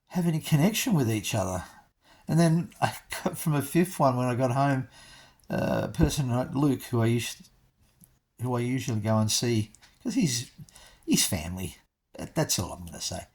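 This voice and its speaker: A man's voice: fairly high pitch, big pitch swings, unhurried, a little mellow. A man, chatting casually to his viewers and telling a story with wry, self-mocking asides. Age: 60s. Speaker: vlogger.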